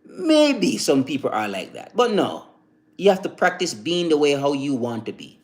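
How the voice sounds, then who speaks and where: A man hosting a live stream, giving a casual motivational talk that rambles and repeats, full of "you know" fillers. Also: a little high. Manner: recites slow calm affirmations.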